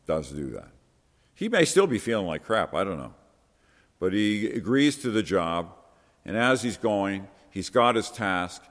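A man with a very deep voice preaches a sermon in an earnest, conversational manner, putting rhetorical questions to his listeners. His words ring out with a long reverb, as in a large hall.

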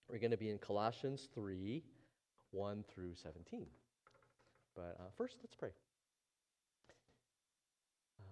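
A man preaching a casual, conversational sermon as the pastor in a church service, chatty and relaxed, often tossing in "right?" to the congregation. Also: fairly low pitch. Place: church sanctuary during a service. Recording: long reverb of a large church hall.

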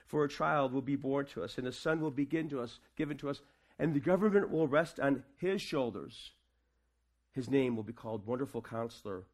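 A man preaching a sermon to his congregation, asking them questions and swinging between quiet, casual asides and raised proclamation. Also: medium pitch. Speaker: pastor.

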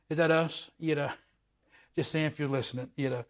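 A man preaching a sermon in a folksy, repetitive way that swells louder at the high points. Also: fairly even intonation, fairly quick.

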